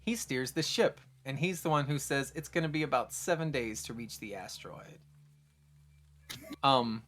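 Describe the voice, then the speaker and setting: A man running a tabletop game as dungeon master, narrating the scene in a relaxed way with frequent "uh"s. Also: medium pitch, moderate pace, faint music behind.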